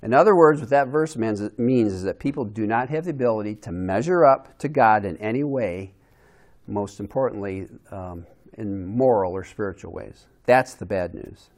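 A man's voice: lowish voice, moderate pace, a little mellow. A man giving a conversational Bible lesson to a group, asking them questions and restarting his sentences as he thinks aloud. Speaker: Bible teacher.

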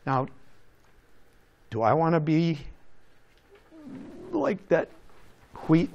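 A man preaching a sermon in an animated way, asking rhetorical questions and chuckling now and then. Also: fairly high pitch.

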